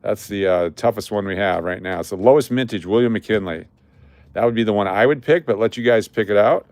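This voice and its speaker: A man's voice: fairly low pitch, brisk, a little mellow, dry recording. A man hosting a casual live stream, chatty and repetitive, calling out viewers by name as he hands out prizes. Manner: chatty, repeats names, calls out viewers. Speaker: livestream host running coin giveaways.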